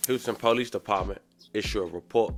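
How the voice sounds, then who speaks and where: A man's voice: fairly low pitch, a little fast, soft background music. A man recapping a news story in a matter-of-fact manner as a reaction host.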